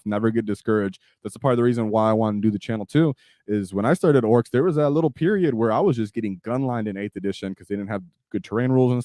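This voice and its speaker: American male stream host, chatty and easygoing, lowish mellow voice, dry sound. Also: dry recording. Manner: chatty, reads viewer comments aloud. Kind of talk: casual live stream chat.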